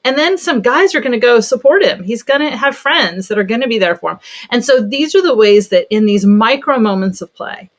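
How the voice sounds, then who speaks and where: A woman pediatric therapist telling a story in a casual podcast conversation, animated and chatty. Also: on the high side, brisk, hardly any pauses.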